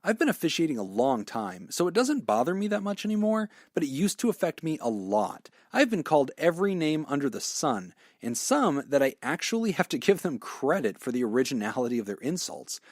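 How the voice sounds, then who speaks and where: Jokey podcast guy, thirties, bouncy pitch, dry close mic. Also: very animated, brisk, few pauses, a little mellow, dry recording. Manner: jokey, laughs often. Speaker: podcast co-host. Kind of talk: casual chat.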